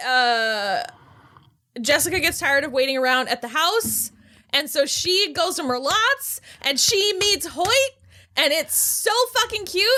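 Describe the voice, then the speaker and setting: A woman's voice: high voice, lively intonation, a little slow, sharp tone. A woman co-hosting a TV recap podcast, bantering casually, emphatic and giggly. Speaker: podcast co-host.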